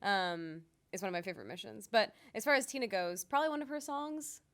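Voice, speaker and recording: A woman's voice: medium pitch, fast talker, fairly bright tone. A young adult woman voice actor chatting casually in an interview, with lots of ums and likes. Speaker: voice actor guest. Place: convention interview.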